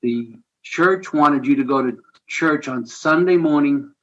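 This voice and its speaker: Man telling his story on dull radio. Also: a little high. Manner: earnest, candid, with quick bursts and quiet asides. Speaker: radio show guest. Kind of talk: personal storytelling.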